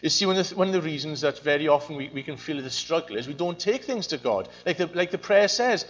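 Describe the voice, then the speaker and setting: A man's voice: a little high, expressive, quick pace, few pauses, lo-fi sound. A man preaching a sermon, earnest and searching, often repeating his phrases. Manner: earnest, repeats phrases, mimics voices in quotes.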